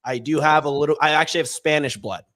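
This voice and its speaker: A man's voice: on the high side, fairly even intonation, fast, a bit bright. A man co-hosting a podcast in casual chat, playful and given to stammering through mock accents. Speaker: podcast co-host. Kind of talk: casual chat with joke impressions.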